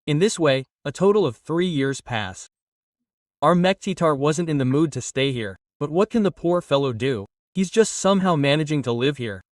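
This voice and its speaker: A man narrating an anime recap in a plain, steady, repetitive storytelling way. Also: fairly high pitch, moderate pace, no room sound. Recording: dry, a bit distant from mic.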